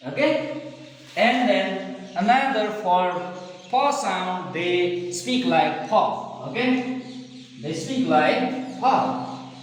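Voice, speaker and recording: A male teacher giving a pronunciation lecture, spelling and repeating words slowly and asking "okay?" after each point. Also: high-pitched, animated, a little hiss or hum. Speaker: English teacher. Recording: echoey room, mic from far off.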